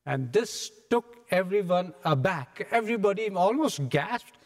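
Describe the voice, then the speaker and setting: A man preaching a sermon in a church, retelling scripture as a lively story and acting out its scenes. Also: high-pitched, measured pace. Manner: animated storytelling, acts out scenes. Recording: echoey hall.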